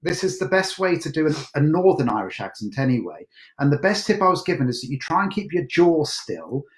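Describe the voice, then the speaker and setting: A man's voice: fairly high pitch, big pitch swings, brisk. A man from Portsmouth, England, hosting a casual livestream Q&A with jokey, rambling chat. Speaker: host. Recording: echoey room.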